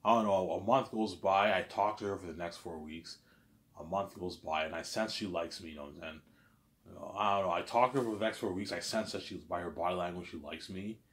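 Deep-voiced rambling man. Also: brisk, fairly bright tone. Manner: rambling, repetitive, lots of "you know what I'm saying". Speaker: vlogger. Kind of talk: casual rambling monologue.

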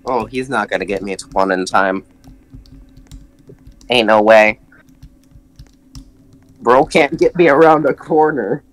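A man chatting with friends while they play an online game together, excitable and teasing, shouting warnings when things get tense. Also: mid-range voice, unhurried, pauses often. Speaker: player in a group voice chat. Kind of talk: casual gaming chat. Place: at home with a cat nearby.

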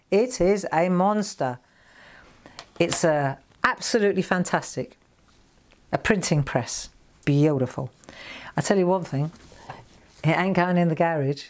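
Chatty woman with a lively voice. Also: on the low side. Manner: chatty, jokey, talks straight to viewers. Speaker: craft shop host demonstrating stamping. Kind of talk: live craft demonstration.

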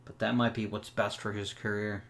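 A young man with a fairly low voice talks through a sports management game as he plays. He thinks aloud about trades and the roster, and sarcastically answers back to his complaining virtual players. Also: little pitch movement, moderate pace, creaky, fairly bright tone, a little hiss or hum. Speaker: gaming channel host. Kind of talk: let's play commentary.

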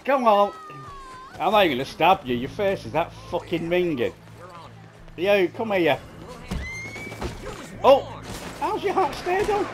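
A man's voice: high voice, big pitch swings, measured pace, pauses often, faint music behind. A man giving crude, swearing, mocking commentary while playing a game. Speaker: gaming streamer. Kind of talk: gameplay commentary.

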